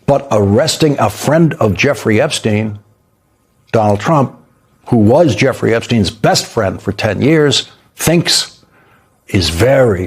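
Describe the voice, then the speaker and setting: A man's voice: medium pitch, slightly rough. A male news host delivering scripted, emphatic commentary with pointed repetition, speaking from a studio.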